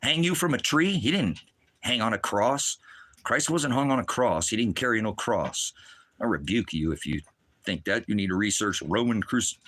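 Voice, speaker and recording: Furious profane middle-aged preacher, bright voice. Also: male voice, lowish voice, expressive, moderate pace. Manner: profane, agitated, swinging between shouting and muttering. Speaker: ministry preacher. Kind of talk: angry livestream rant.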